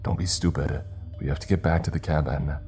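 A man's voice: extremely low pitch, steady tone, a little fast, a little mellow, soft background music. A man voicing a panicked male ranger who urgently orders his partner to flee. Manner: urgent, commanding.

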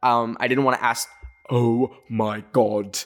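A man's voice: medium pitch, takes it slowly. Young guy in his twenties, casual storytime vlog, chatty, rambling, filler-heavy. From Canada. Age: 20s. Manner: rambling, animated, full of filler "like".

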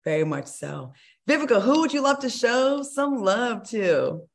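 A woman's voice: on the high side, big pitch swings, measured pace, gravelly. A woman hosting a talk show, steering the conversation in upbeat casual chat. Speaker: talk show host leading the segment.

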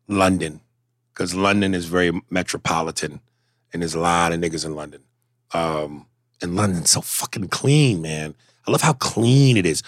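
A low-pitched man co-hosts a podcast in loose, animated, profane chat. He tells stories with plenty of swearing and reads listener messages out loud. The sound is close and dry, with no room around it. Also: dry recording. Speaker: podcast co-host. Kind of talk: casual chat.

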